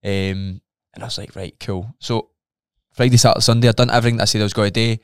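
Scottish man, smooth low voice, dry sound. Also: fairly even intonation, fast, no room sound. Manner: open, emotional storytelling with frequent swearing. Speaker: podcast co-host. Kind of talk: candid podcast conversation.

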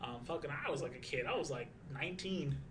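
A man's voice: mid-range voice, fast. Male streamer, twenties, loose profane chatter, light background noise. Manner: rambling, profane, lots of fillers. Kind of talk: casual chat.

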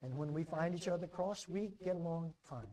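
A middle-aged American man, a pastor preaching a sermon, who repeats words and swings between loud and quiet for emphasis. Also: on the high side, fast.

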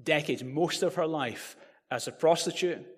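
Animated preacher in a big hall. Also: male voice, on the high side, moderate pace, slightly rough. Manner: animated, rising to loud proclamation. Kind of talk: sermon. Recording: reverberant hall.

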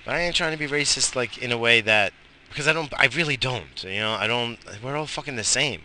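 A young man from Long Island, slightly high, rambling through a profane casual monologue outdoors in the sun, with lots of restarts. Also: a little fast, bright, forceful tone, a little hiss or hum. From Long Island, New York.

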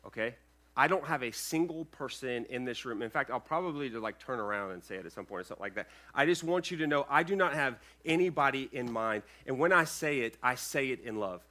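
A male pastor preaching a sermon to his congregation, earnest and emphatic, with loud peaks and quiet asides, checking in with the room. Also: mid-range voice. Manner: addresses the congregation with checking questions. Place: church sanctuary, speaking over a sound system.

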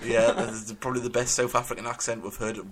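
A man hosting a football fan radio show in casual, rambling banter, quick to laugh and full of ums. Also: medium pitch, little pitch movement, a loud crowd.

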